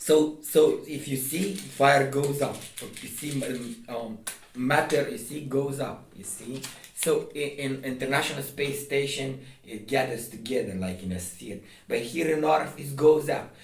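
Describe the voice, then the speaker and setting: A man's voice: medium pitch, a little slow, a little hiss or hum. Man, insistent and repetitive, lots of restarts, echoey room, distant mic. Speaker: video host. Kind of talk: casual explaining to camera. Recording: roomy echo, distant from mic.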